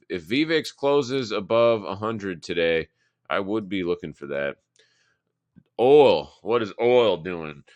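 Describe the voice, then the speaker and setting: A man with a very low, smooth voice talks through charts in a loose, rambling way. He sounds like he is thinking aloud on a live market stream, recorded dry and close. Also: fairly bright tone, no echo. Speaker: market analysis host.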